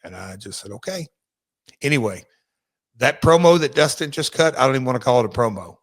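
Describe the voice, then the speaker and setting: A man co-hosting a podcast, telling a story casually with halting restarts. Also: medium pitch, animated, dry recording. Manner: rambling, halting with fillers and restarts. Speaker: podcast co-host, former wrestler.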